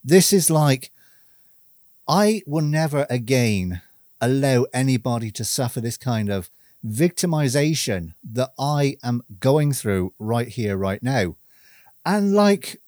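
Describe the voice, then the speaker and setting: A man speaking a personal, reflective monologue to camera, earnest and measured, stressing key words through repetition. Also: medium pitch, a little mellow, no echo, studio quality.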